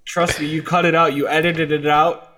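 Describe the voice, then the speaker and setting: A man's voice: a little high, level tone, moderate pace, bright, forceful tone, slight background noise. A man co-hosting a podcast in casual chat, telling stories and teasing the others.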